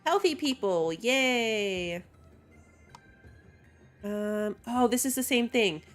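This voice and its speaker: Slow and expressive, a woman with a fairly high voice talks through a city-building game on stream while soft music plays. She's chatty, reads her viewers' messages out loud and laughs a lot.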